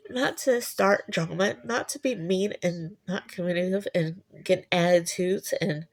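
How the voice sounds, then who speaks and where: A woman talking casually to camera, rambling and halting with many restarts, earnest and quietly emotional. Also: on the low side. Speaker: vlogger. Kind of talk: casual personal talk.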